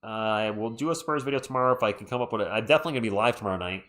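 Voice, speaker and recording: Speaking very fast in a fairly low, slightly bright voice, a tired man streams casual live sports commentary. He stays chatty and relaxed, talking to his viewers and giving chat shout-outs between plays.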